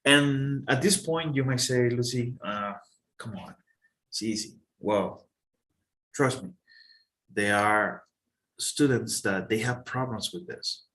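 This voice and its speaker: A man teaching an English pronunciation lesson in a casual, halting way, checking in with his students. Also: mid-range voice, a bit bright.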